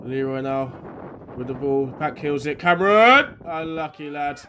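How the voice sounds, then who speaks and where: A man from England, a bit under the weather, doing excitable live commentary on an amateur football match outdoors. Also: a little high, measured pace, noisy background. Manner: excitable, shouting at chances, then quiet and matter-of-fact. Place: outdoors at a grassroots pitch.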